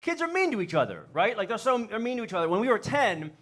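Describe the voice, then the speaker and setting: A man's voice: sits high, very animated, quick pace, fairly bright tone. Guy doing stand-up in a club, rambly and self-deprecating, voice jumps around a lot, stage mic. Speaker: stand-up comedian. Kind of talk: stand-up comedy set.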